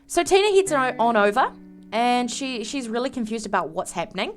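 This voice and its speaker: A woman who makes game videos, narrating a life-sim game storyline in an animated, dramatic way. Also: fairly high pitch, brisk. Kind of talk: story narration over gameplay.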